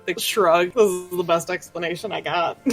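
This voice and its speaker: A woman's voice: on the low side, moderate pace, soft background music, rough recording. A woman playing a tabletop game, narrating her character casually and laughing often. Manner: laughs often, rambling with fillers. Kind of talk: casual role-play narration.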